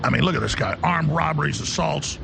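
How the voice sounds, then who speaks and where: A man's voice: on the high side, expressive, gravelly, background noise. A man hosting a talk radio show, delivering an emphatic, ranting opinion monologue. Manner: emphatic, ranting, fast-talking.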